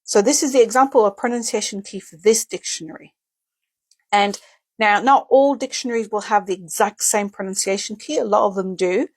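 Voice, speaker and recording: A woman's voice: medium pitch, a little fast. A woman teaching a casual video lesson on a dictionary's pronunciation key, explaining step by step and sounding out example words, with small slips and self-corrections. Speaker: English teacher.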